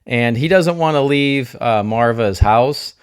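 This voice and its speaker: A man's voice: mid-range voice, takes it slowly, clean tone. Chatty man thinking aloud. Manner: thinks aloud, questions himself, jokey asides; openly emotional, gushing. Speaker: TV show reviewer. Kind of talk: casual spoiler review.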